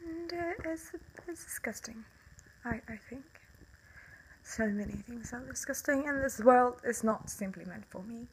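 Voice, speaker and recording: A woman's voice: fairly high pitch, expressive, unhurried, a little hiss or hum, low-quality recording. Blunt, swearing Swedish young woman. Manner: passionate and blunt, swears a lot, laughs bitterly. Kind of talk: casual monologue to camera.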